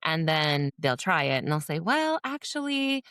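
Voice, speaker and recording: A woman with a low speaking voice talks frankly about coaching teachers, sliding into little acted-out scenes as she goes. The recording is dry and close, with no room sound. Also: moderate pace, smooth, no echo. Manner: candid, animated, acts out teacher dialogue. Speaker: behavior coach and former dean of students. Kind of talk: podcast interview.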